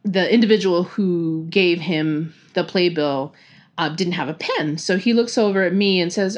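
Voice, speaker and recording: A woman's voice: lowish voice, moderate pace. A woman with a Texan accent telling fan stories on a casual podcast, chatty and full of fillers and laughs. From Texas. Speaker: podcast host.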